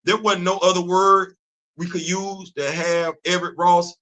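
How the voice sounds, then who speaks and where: A man hosting a casual live-stream commentary, animated and rhetorical, laughing often as he talks. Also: high-pitched, moderate pace. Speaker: host.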